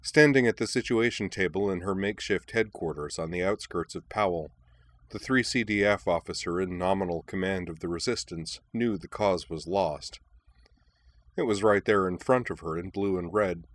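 A man reading a war story aloud in a measured, even narration. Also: deep voice, no echo.

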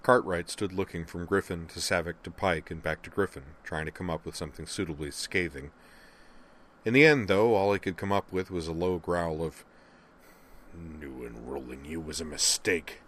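A man narrating a novel in an even storytelling manner. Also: low-pitched, brisk. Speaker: audiobook narrator. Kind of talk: scripted narration.

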